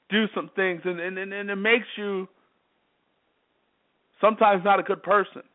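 A man hosting a sports talk show, delivering an emphatic, repetitive monologue that keeps hammering the same phrases. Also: high-pitched. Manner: repetitive, emphatic, worked-up commentary. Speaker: sports radio host. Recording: tinny phone-line audio.

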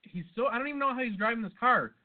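A man with a high voice spins a long, rambling story between swears and side comments. The sound is thin and tinny, like it is coming over a phone. It is a casual podcast chat. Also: very fast. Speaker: podcast co-host.

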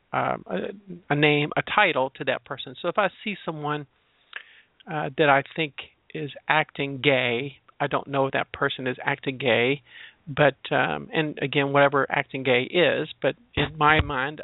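Over a thin, dry phone-line sound, a man with a gravelly voice on the high side talks through his thoughts on labels. He works as a transgender educator and searches reflectively for his meaning, leaning on examples from his own life.

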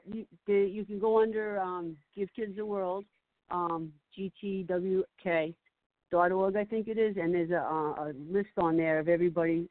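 Animated woman telling stories over a phone line. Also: lowish voice, no room sound. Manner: animated storyteller, laughs often, acts out quotes. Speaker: guest. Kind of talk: casual phone-in chat. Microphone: phone call. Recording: tinny phone line, dry.

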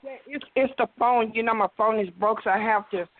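A woman calling in to a show, talking loudly over a broken phone. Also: on the high side, brisk, no room sound, narrow, tinny audio. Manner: loud, speaks up. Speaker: caller.

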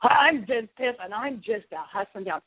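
Lively woman on a tinny phone line. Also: on the high side, normal speed, breathy edge, no room sound. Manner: lively, acts out her own reactions. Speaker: author and interview guest. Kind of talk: casual storytelling in an interview.

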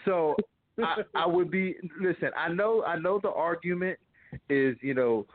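A man talking as an interview guest, rambling and animated, laughing often. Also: on the high side, a little slow, no room sound. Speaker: guest, former fighter and actor. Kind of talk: casual phone interview. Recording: tinny phone line, dry.

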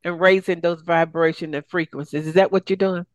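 A woman's voice: lowish voice, fairly even intonation, a little fast, dry recording. A woman hosting an interview, mostly listening with short affirmations and asking summarizing questions. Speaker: host. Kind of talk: interview conversation.

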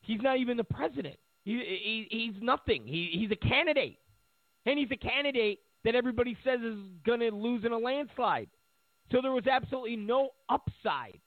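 A man's voice: very high voice, no room sound. A man delivering a sarcastic, mocking political rant, acting out the voices he quotes. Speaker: political commentator. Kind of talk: ranting monologue. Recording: tinny phone-like line, dry.

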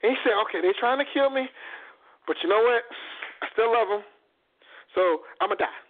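Man doing a fed-up, resolute God voice, very high-pitched, over a tinny line. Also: a little fast, a little hiss or hum, natural voice. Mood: exasperated, resolute. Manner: exasperated, resolute. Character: frustrated yet loving God, male. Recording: phone-like lo-fi audio.

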